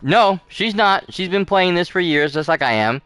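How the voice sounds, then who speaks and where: Smooth-voiced man chatting over a game. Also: high-pitched, expressive, normal speed, a bit bright, no room sound, faint music behind. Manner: rambling and chatty, with many fillers and restarts. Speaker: gaming channel host. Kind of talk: casual let's play commentary.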